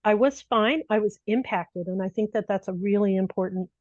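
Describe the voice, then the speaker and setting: Animated woman telling stories, dull dry sound. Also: mid-range voice, normal speed, dry recording. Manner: animated, laughs often, many restarts. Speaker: disaster mental health responder. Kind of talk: conversational storytelling interview.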